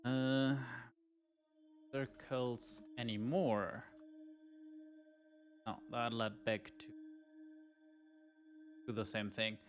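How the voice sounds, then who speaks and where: A man's voice: medium pitch, fairly even intonation, soft background music. A man streaming a game live, musing aloud and laughing as he reads the answers. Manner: slow, musing, reading aloud, laughing often.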